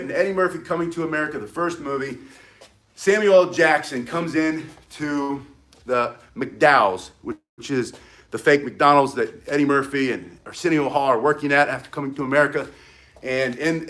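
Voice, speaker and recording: A man's voice: mid-range voice, a bit bright. A man teaching walking stick self-defense on a live stream, talking in a loose, rambling way and greeting viewers between moves. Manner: rambling, chatty, greets viewers mid-demonstration. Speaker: martial arts instructor.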